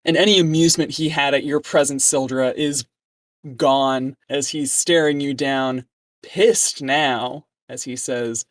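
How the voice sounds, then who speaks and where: Woman game master, relaxed narration, close dry mic. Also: a bass voice, a little slow, no room sound. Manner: relaxed, loose narration with fillers.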